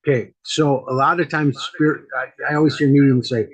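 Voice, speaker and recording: A man's voice: medium pitch, steady tone, a little fast, slightly rough, poor audio. A man, a guest medium, talking casually on a podcast from a home studio with a green screen, telling stories and often repeating words. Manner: rambling storyteller, repeats words.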